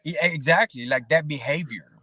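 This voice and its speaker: A man in casual podcast conversation as a guest, talking in an animated, preachy way and acting out quoted voices. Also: on the high side, normal speed.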